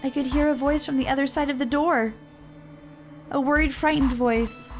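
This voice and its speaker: A man reading game narration aloud as a young woman, in a steady storybook manner. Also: extremely high pitch, normal speed, over music.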